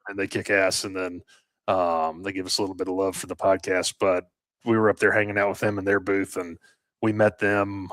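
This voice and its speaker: A man with a lowish voice tells a long story in a loose podcast chat. He rambles along with fillers and restarts and swears casually. The recording is dry and close. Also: little pitch movement, a little fast, fairly bright tone, dry recording. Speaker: podcast co-host and landscaping business owner.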